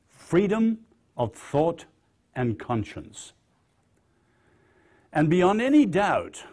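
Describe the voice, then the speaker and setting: A man with an English accent delivers a public lecture at a middling pitch. He speaks in a measured way with dry wit and lands firm emphasis on his key phrases. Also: darkish tone, breathy edge. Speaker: guest lecturer.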